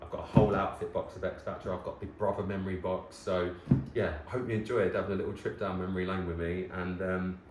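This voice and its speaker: An excitable man in his thirties with a low, deep voice, chatting casually to camera as he sorts through his things. He gasps and rattles on in a nostalgic, chatty way. The room is roomy and echoey, with a faint hum of ambience behind him. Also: fast. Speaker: vlogger host. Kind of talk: casual chat.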